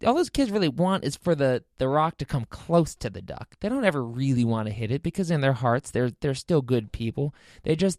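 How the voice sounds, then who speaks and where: A man hosting a podcast, telling a comic personal story in an animated, incredulous, self-mocking way. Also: on the high side, dry recording, clean studio sound. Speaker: podcast host.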